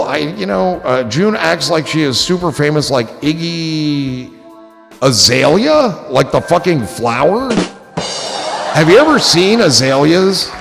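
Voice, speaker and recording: A man's voice: mid-range voice, vocal fry, a bit bright, big-room sound. A man hosting a casual livestream, reading out chat comments and riffing on them in a rambling, joking, profane way. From New Jersey.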